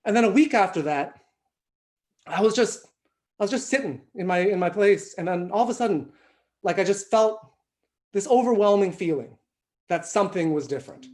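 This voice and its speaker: A male comedian tells a long story over a video call from home. He talks in an animated, self-mocking way and swears freely. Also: high-pitched, normal speed, long pauses. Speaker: stand-up comedian. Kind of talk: stand-up storytelling.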